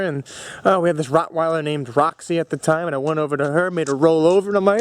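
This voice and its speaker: A young man vlogging, telling a long personal story in a rambling way, full of fillers and restarts, with bursts of excitement. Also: on the high side, brisk. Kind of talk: casual storytelling vlog.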